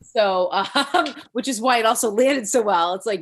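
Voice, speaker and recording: A woman's voice: on the high side, normal speed, a little hiss or hum. A woman giving casual spoken feedback to a comedian on a video call, rambling, chatty and laughing often, with many fillers. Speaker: comedy workshop feedback giver.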